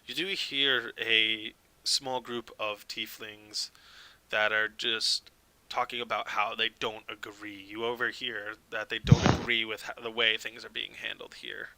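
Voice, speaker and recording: A man's voice: lowish voice, little pitch movement, unhurried, sharp tone, no echo, poor audio. A man narrating as dungeon master in a tabletop game, casual with lots of filler words and laughs, on a close mic.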